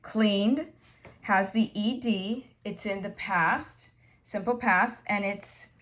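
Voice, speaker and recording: Slow, patient woman teaching English. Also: medium pitch, a bit bright. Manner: patient, slow explaining with repeated examples. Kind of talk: grammar lesson.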